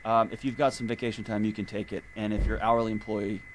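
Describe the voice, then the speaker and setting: Animated man telling stories. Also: on the low side, fast, slight background noise. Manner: animated storyteller. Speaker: podcast guest. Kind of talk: casual conversation.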